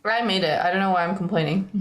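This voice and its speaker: A woman streamer talks casually to her viewers, rambling, with lots of "like" and "um". Her voice is slightly hoarse and sits at a middle pitch for a woman. The room has a noticeable echo. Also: fairly quick. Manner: rambling, chatty, frequent likes and ums. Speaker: livestreamer.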